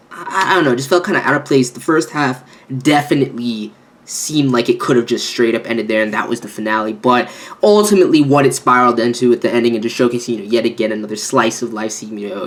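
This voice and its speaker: A man reviewing an anime episode with hyped, animated energy, swearing freely and jumping into exaggerated quoted reactions. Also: mid-range voice, fairly quick. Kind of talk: excited video review commentary.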